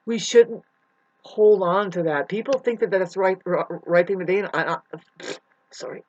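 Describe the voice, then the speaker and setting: A woman vlogger rambling through a searching spiritual monologue, speaking straight to the viewer and calling them "babes". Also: fairly low pitch. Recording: muffled lo-fi audio.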